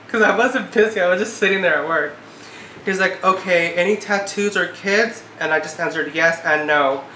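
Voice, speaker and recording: Young woman in her twenties, casual vlog chat, lots of "like", bright edgy voice, echoey room. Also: lowish voice, slight background noise. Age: 20s. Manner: chatty, full of "like", exasperated. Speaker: vlogger.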